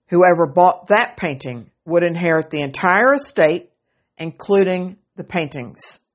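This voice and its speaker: A woman calling as a pressing auctioneer. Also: lowish voice. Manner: calling out bids in a raised, pressing voice. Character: insistent male auctioneer at an estate sale.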